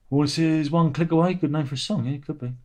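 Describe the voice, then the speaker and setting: A middle-aged man, hosting a casual livestream chat in a sardonic, grumbling way. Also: darkish tone. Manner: sardonic, grumbling, mocks commenters in a high whiny voice. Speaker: channel host.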